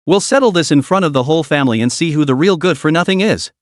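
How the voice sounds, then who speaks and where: A hot-tempered young street fighter from a comic story, as a male narrator puts him on. He sounds flustered and defensive, with lively intonation. The sound is dry and close. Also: on the high side, fast talker, dry recording, close to an everyday voice.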